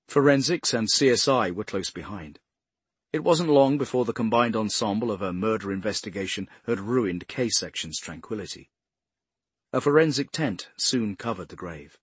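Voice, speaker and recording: A man narrating a crime novel as an audiobook, in a steady, measured voice. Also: lowish voice, husky, no room sound. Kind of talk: scripted narration.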